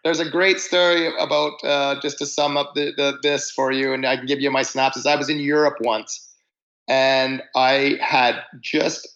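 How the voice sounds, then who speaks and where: A musician guest on a podcast tells casual stories about touring in a band, rambling and often restarting his sentences. His medium-pitched voice moves little in pitch and comes at a normal speed, sounding a bit bright with the highs cut off.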